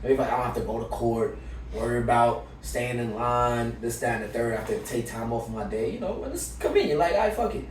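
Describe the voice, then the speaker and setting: A man co-hosting a podcast, telling a story with lively, profane slang in casual chat. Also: mid-range voice, a little fast, reverberant, distant mic, a little hiss or hum, poor audio. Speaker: podcast co-host.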